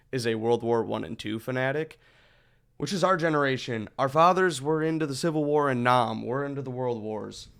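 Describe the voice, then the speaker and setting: A man's voice: medium pitch, gravelly, clear, resonant tone. A man in his thirties chatting casually as he streams a game, rambling with profane asides.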